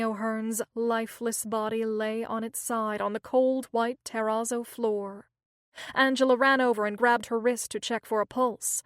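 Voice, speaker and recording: A woman narrating a thriller audiobook in a steady, measured reading. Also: a little high, no room sound, clean studio sound. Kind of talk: scripted narration.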